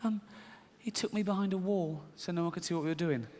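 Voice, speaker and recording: A man voicing an innocent little girl of six in a high, small, hesitant voice. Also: quick pace, darkish tone, in a large hall, slight background noise, lightly acted.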